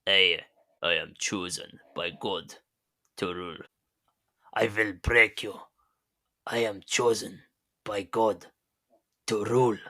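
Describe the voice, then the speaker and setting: A man voicing a pompous male tsar in a deliberately bad fake Russian accent, declaring things stiffly and grandly. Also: lowish voice, steady tone, sharp tone, heavily acted. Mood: grandiose.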